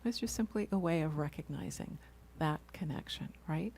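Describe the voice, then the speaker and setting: A woman's voice: sits low, normal speed, vocal fry, darkish tone, slight background noise. A woman minister giving a reflective sermon, asking rhetorical questions and tagging them with "right?".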